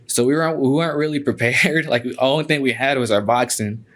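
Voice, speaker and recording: A man's voice: medium pitch, quick pace, a bit bright. Laid-back young-sounding man telling fight stories. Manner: laid-back, peppers speech with "man" and cussing. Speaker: guest, MMA fighter. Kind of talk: casual storytelling.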